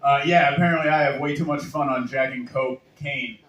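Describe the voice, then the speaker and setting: A man's voice: mid-range voice, steady tone, brisk. Boston man doing loose stand-up crowd work. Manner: loose, crowd-work banter, laughs between jokes. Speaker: stand-up comedian. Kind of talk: stand-up comedy set. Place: bar or small venue with live crowd. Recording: echoey room, distant mic, faint noise.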